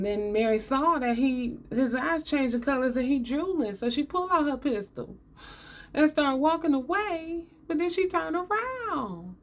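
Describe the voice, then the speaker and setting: A woman's voice: a little high, slight background noise. A woman giving a casual, sarcastic movie breakdown, laughing often and talking in loose, colloquial speech. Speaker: movie commentator.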